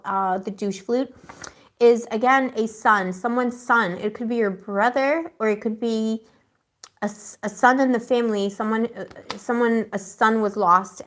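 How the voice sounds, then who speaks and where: A woman giving a live tarot reading to her viewers, chatty, emotional and slangy as she talks through the cards. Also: on the high side. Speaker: tarot reader.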